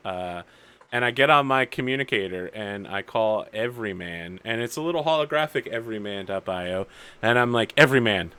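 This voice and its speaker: Male game host, playful dramatic narration, bright voice. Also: fairly low pitch, lively intonation, normal speed, clean tone. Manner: dramatic, half-joking narration with in-character lines. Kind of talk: narrating and acting in a tabletop game.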